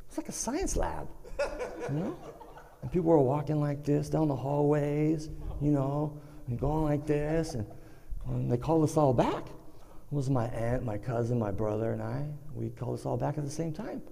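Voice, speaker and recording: On the stage of a performing arts center, a man with a slightly high, gravelly voice tells a funny personal story to a live audience at a moderate pace. He's animated, acting out voices and sound effects, and the hall's long reverb carries his words.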